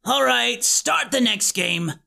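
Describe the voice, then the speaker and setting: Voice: medium pitch, lively intonation, slow, vocal fry, full character voice. A narrator doing a foul-mouthed, bossy witch. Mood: demanding. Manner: crude, bossy, shouting. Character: foul-mouthed cruel female witch villain.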